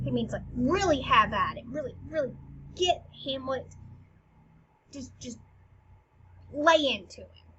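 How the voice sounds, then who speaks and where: A woman's voice: high voice, lively intonation, measured pace, pauses often. A woman teacher explaining a play scene by scene in a chatty, playful way, in a slightly dull recording with faint hiss. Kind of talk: casual explainer lesson.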